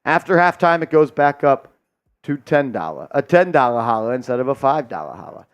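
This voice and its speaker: A man hosting a live sports watch-party stream, hyped and loud as he shouts out viewers' donations and calls the game. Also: mid-range voice, sing-song, fairly quick, smooth.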